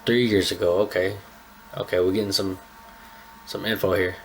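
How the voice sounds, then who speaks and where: A young man with a deep, low voice reacts casually to an anime, talking to his viewers in relaxed slang. He sounds a little stuffy this morning, and a faint hiss of noise sits under his voice. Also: moderate pace. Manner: laid-back slangy chatter, talks to viewers as bro. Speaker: anime reaction channel host.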